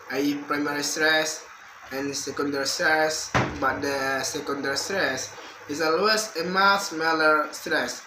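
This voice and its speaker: A young man, a university student reading a prepared exam answer aloud, carefully and with restarts. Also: fairly high pitch. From Indonesia. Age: young adult. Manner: slow, careful reading with repeated words and restarts. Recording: echoey room with faint background hum.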